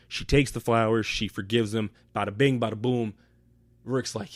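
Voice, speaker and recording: A man hosting a casual solo podcast, recapping a TV episode in a rambling, profane way with animated outbursts. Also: medium pitch, normal speed, dry recording.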